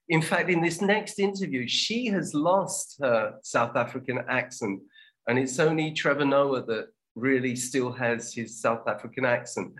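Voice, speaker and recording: A man teaching an online English lesson, explaining in a relaxed way with frequent fillers. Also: medium pitch.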